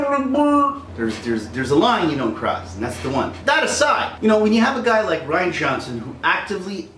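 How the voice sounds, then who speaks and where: Heated, animated man ranting. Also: high voice. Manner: heated, animated, acts out voices. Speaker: vlogger. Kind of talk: angry rant. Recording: roomy echo, distant mic, faint noise.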